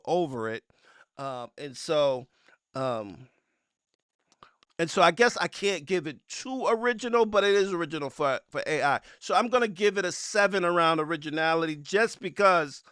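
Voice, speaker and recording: Bright, halting male stream host. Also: a little high, clear, resonant tone, dry recording, clean studio sound. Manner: halting, lots of ums and restarts. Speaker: music review host. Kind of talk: casual live-stream review.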